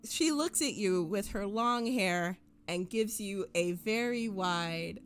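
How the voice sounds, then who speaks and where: Woman game master, slow unhurried narration, descriptive, faint music behind. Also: medium pitch.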